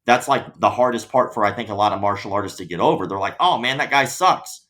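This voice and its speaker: A man's voice: on the low side, quick pace. A man, a podcast guest chatting casually and acting out people in his stories. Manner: animated storyteller, acts out quoted voices. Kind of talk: casual interview chat.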